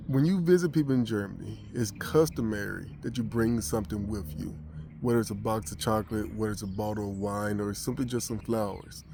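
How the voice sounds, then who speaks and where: A man's voice: fairly low pitch, creaky, noisy background. An American man vlogging, telling a personal story casually with many restarts and fillers. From United States.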